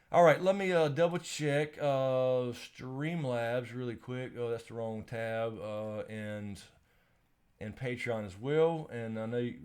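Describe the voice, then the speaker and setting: A man's voice: mid-range voice, darkish tone, smooth. Rambling man hosting a live Q&A. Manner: rambling, laughs often, curses casually. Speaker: live stream host. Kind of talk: casual live Q&A chat.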